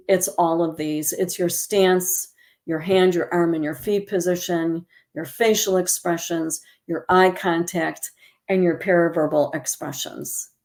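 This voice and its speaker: A woman presenting a calm educational talk on caregiving, modeling gentle phrases to use with loved ones. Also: lowish voice.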